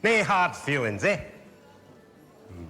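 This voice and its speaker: Wink McAndrew, a cheeky Glaswegian joker. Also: male voice, on the high side, big pitch swings, takes it slowly, pushed and bright, breathy edge, full character voice. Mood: teasing. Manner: jokey, teasing, broad thick accent. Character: cheeky older Glaswegian prankster man.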